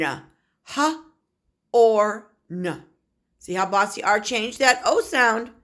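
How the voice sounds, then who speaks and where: A kindergarten teacher, a woman, giving a recorded phonics lesson and sounding out letters and words slowly for small children. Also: fairly high pitch, a bit bright.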